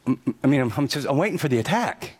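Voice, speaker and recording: A man's voice: medium pitch, animated, very fast, darkish tone. A man preaching a sermon in an earnest, conversational way, often stumbling and repeating words. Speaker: pastor.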